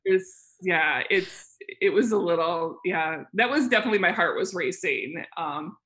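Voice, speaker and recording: A woman's voice: lowish voice, measured pace. Chatty woman realtor telling stories. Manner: lively, laughs often, many fillers. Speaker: real estate agent guest. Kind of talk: casual storytelling chat.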